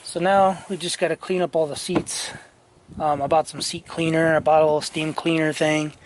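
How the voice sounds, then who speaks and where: A middle-aged man giving a rambling, casual walkthrough of his truck restoration inside the cab, his throat dry so he keeps clearing it, with many fillers and restarts. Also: a little high, flat delivery, moderate pace, a little hiss or hum. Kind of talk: casual work-in-progress walkthrough.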